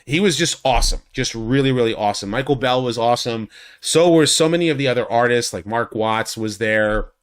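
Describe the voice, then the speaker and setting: Speaking briskly into a USB studio condenser mic, a YouTube host gives a casual video recap of a fan convention. He rambles, restarting often and saying "like" a lot, and acts out quotes in a much higher voice.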